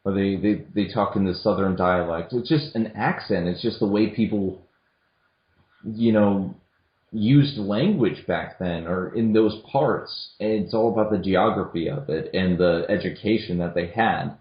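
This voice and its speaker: A young man with a lowish voice talks through a film in casual conversation. He restarts his sentences often and leans on fillers. The sound is roomy and dull, like an amateur home recording. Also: a little slow. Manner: hesitant, many restarts and fillers. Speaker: podcast co-host. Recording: echoey room, dull lo-fi audio.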